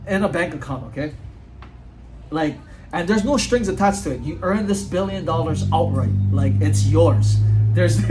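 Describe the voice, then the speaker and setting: A man's voice: high voice, rough recording. A man giving an earnest, casual motivational talk outdoors at home, often saying "dude" and "like". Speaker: motivational vlogger.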